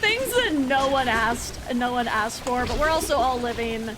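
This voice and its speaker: A young American woman rambles casually to her viewers while she plays, tossing in "like" at every turn. Her voice sits high, and the talk wanders loosely from thought to thought. Faint music plays under her. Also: lively intonation, moderate pace. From United States. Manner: rambling and chatty, heavy on fillers like "like". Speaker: game streamer. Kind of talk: casual chat while gaming.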